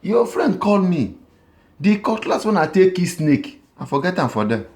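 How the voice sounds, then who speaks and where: A man's voice: sits high, very animated, moderate pace, darkish tone, voice pushed up. A man voicing a sly cheating husband in a Nigerian Pidgin accent, making breezy, offhand excuses.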